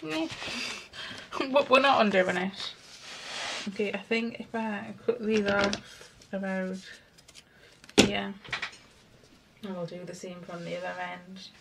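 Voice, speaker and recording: Slow, gravelly woman crafting. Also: medium pitch. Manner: chatty, self-mocking, thinks aloud while working. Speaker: crafting vlogger. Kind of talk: casual crafting tutorial chat. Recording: home recording with clear background noise.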